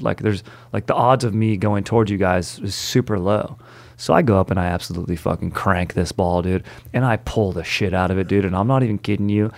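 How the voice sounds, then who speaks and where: A man's voice: low-pitched, steady tone, fairly quick, vocal fry. A young adult man hosting a casual chat, telling stories in laid-back bro slang. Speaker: podcast host.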